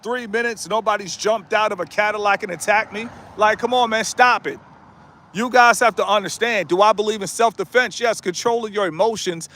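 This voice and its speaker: A man's voice: high voice, a bit bright. A man in his late thirties on a live stream, walking through a neighborhood and bluntly urging viewers again and again to toughen up. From United States. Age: 30s. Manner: blunt, repetitive, exhorting. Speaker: YouTuber. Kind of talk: live-streamed motivational rant. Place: outdoors in a residential neighborhood with passing cars.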